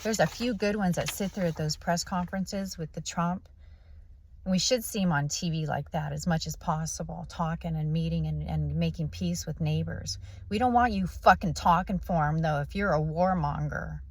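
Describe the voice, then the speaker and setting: A woman with a low, gravelly voice rants in a monologue on her vlog. She is blunt and preachy and swears constantly. The rasp of vocal fry runs through her talk. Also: normal speed, a little mellow, dry recording. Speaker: vlogger. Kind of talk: profane ranting monologue.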